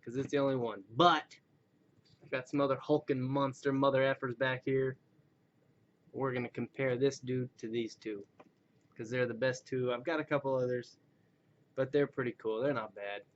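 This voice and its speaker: This toy-reviewing action figure collector talks in a medium-pitched voice with fairly even intonation at a moderate pace. Rambling casually on webcam, he's self-deprecating and breaks into joke voices, all captured in a dull lo-fi recording.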